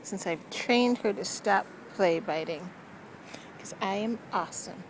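Out on a street, a woman vlogger pets a cat and narrates casually, playful and self-mocking, now and then talking to the cat. Her mid-range voice moves a little slowly, and the outdoor recording is noisy.

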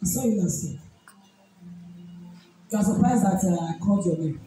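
A woman's voice: mid-range voice, moderate pace, mellow. A woman pastor with a Nigerian accent leading a deliverance ministration, issuing repeated rebuking commands. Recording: echoey church hall from far off with music.

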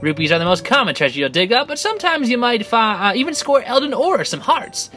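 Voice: mid-range voice, sing-song, fast talker, bright, forceful tone, faint music behind, voice pushed up. A gamer reading aloud the lines of a friendly male mole-like digger creature in an easygoing, chatty way. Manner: reads game dialogue aloud in a chatty, easygoing way. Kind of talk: reading in-game dialogue aloud.

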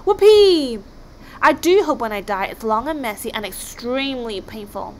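A woman's voice: fairly high pitch, animated, normal speed, slight background noise, close to an everyday voice, rough recording. Woman doing unhinged berserker Halfdan. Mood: gleeful. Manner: gleeful and shouting. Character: unhinged battle-hungry young male Viking.

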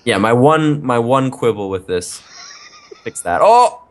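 A man's voice: mid-range voice, very animated, slow. A man co-hosting a gameplay video, joking around in a mock-serious way. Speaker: co-host playing a farming game. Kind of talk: casual gameplay chat.

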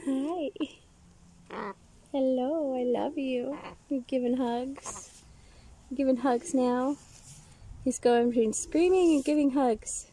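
Woman bird caretaker, unhurried and doting, recorded outdoors with birds calling in the background. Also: sits high, warm tone, slight background noise. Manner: doting, coos praise at the bird. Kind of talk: casual chat with a pet bird. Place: outdoors in the sun. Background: birds calling and cooing.

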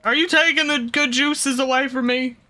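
Bright-voiced loud profane game commentator. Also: high voice, fairly even intonation, moderate pace. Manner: loud, profane, laughing reactions. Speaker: gaming video creator. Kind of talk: let's play commentary.

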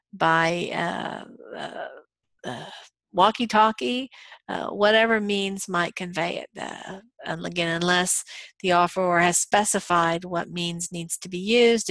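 A woman teaching a law course in a loose, conversational lecture, full of ums and uhs. Her voice sits on the low side and the recording is close and dry, with no room around it. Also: a bit bright, no room sound. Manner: conversational, many ums and uhs, acts out quoted dialogue. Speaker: college law instructor.

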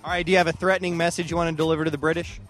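A man hosting a comic street interview show outdoors, delivering dry, mock-serious jokes in a deadpan manner. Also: a little high, very fast, over music. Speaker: comedy show host and interviewer. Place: outdoor festival grounds.

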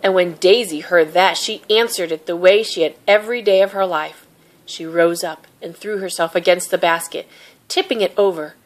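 Gentle woman reading a picture book. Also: on the low side, moderate pace. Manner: gentle, expressive narration. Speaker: storybook reader. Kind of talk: children's picture book read-aloud.

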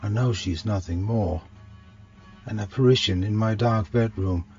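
A man's voice: lowish voice, unhurried, warm tone, highs cut off, soft background music. A man reading a first-person horror story as a tense, anxious inner monologue. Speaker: story narrator.

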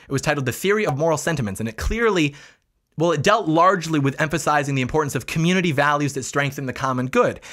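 Male vlog host, political commentary, quick and combative, slightly high voice. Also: pushed and bright. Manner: combative, mocking asides.

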